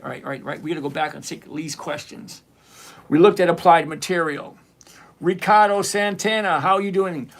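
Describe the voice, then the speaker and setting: High-voiced man hosting a live trading stream. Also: a bit bright. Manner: chatty, teasing, greets viewers by name, slows down to explain. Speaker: livestream trading show host. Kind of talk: live-stream chat answering viewer comments.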